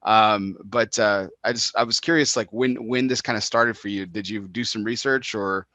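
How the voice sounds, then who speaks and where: A man's voice: on the low side, fairly even intonation, normal speed, bright, forceful tone, dry recording. A man from Texas hosting a casual interview, rambling with many restarts. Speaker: podcast host.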